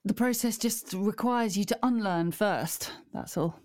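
A woman's voice: mid-range voice, a little slow, a little mellow, dry recording, studio quality. A middle-aged woman chatting as a guest, rambling with lots of fillers. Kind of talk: casual chat.

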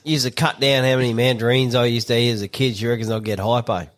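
A man's voice: mid-range voice, fairly even intonation, fast talker. A man with an Australian accent chatting as a podcast co-host, laid-back and dry. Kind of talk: casual chat.

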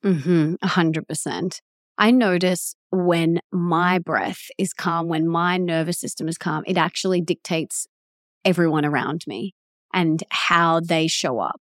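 Chatty woman host, fairly low voice. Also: measured pace, dry recording, clean studio sound. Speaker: podcast host. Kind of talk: casual interview talk.

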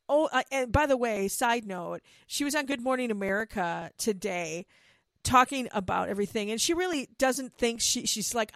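A woman's voice: fairly high pitch, unhurried, no echo. Chatty woman gossiping, dry close sound. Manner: animated, gossipy, laughs often, acts out quotes. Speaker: reality TV recap commentator. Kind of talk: casual chatty recap.

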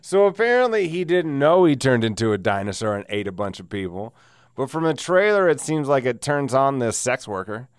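A man's voice: mid-range voice, sing-song, a little fast, clean tone, no echo, studio quality. A man hosting a casual solo podcast, rambling and sardonic with frequent laughs, wheezing through a sinus cold. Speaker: podcast host.

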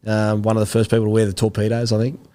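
A man in his thirties with an Australian accent, a former rugby league player telling rambling stories in a relaxed interview. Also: on the low side, racing. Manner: laid-back, rambling anecdotes with slang. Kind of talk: casual interview storytelling.

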